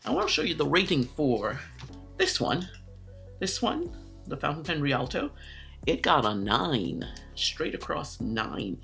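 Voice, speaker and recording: A woman's voice: low-pitched, very animated, a little slow, vocal fry, a bit bright, faint music behind. A woman talking casually to camera about her pens and inks, chatty and rambling, often correcting herself. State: out of breath. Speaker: pen and ink vlogger.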